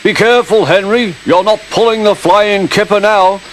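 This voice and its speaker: A man's voice: sits high, moderate pace, slight background noise, voice pushed up, natural voice. A man voicing a big, proud male express engine with a haughty, scolding manner. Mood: mocking. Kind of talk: storybook character voice.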